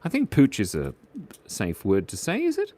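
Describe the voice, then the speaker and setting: A man hosting a live drawing stream, chatting playfully and excitedly with viewers. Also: medium pitch, normal speed, no echo. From Australia. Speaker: livestream drawing host.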